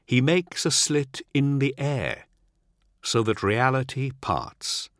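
Male narrator reading an audiobook, bright voice, super dry close sound. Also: mid-range voice, animated, no room sound. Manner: measured, dramatic reading.

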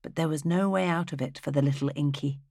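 A narrator reading a fantasy audiobook in a steady, even storytelling manner. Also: mid-range voice, fast, no echo, studio quality.

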